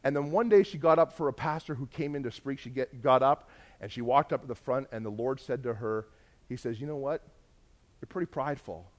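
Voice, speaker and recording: A man preaching a sermon, telling a story and swinging between hushed, intimate moments and loud, emphatic lists. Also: medium pitch, fairly quick. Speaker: pastor.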